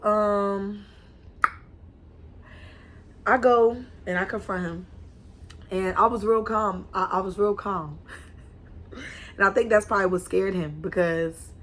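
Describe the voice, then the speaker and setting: Young woman vlogger, casual animated storytelling, slangy. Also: medium pitch. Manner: animated, slangy, repeats and restarts often.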